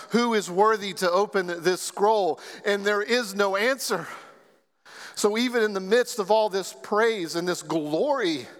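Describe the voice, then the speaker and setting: A man preaching a sermon as pastor, speaking earnestly and deliberately and leaning on repeated phrases. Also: sits high, a bit bright. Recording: long reverb of a large hall.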